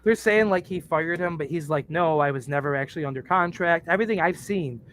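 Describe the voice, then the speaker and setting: A man's voice: a little high, brisk, a bit bright, a little hiss or hum. A man on a podcast telling crude, joking stories in casual chat, laughing at his own jokes. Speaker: podcast co-host.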